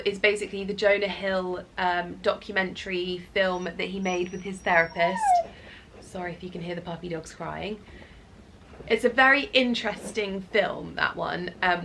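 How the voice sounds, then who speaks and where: A woman's voice: on the low side, fairly bright tone, slight background noise. A woman, chatting casually at home in a gushing, rambling way as a lifestyle vlogger. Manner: gushing, rambling, searches for words. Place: home, indoors.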